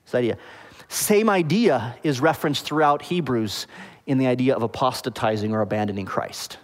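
A pastor preaching a sermon, explaining the meaning of words and often checking with the congregation whether it makes sense. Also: male voice, medium pitch, normal speed, long reverb tail. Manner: explains word meanings, asks the congregation "okay?" and "does that make sense?".

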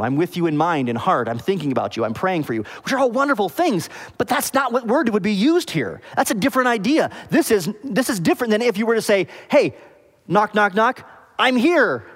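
A man's voice: high-pitched, big pitch swings, quick pace, hardly any pauses. A man preaching a sermon with a slightly raised voice, explaining words step by step. He keeps checking with the congregation to see if they follow. His voice rings out with a long reverb, as in a church hall. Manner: explains word meanings, asks the congregation "okay?" and "does that make sense?". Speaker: pastor.

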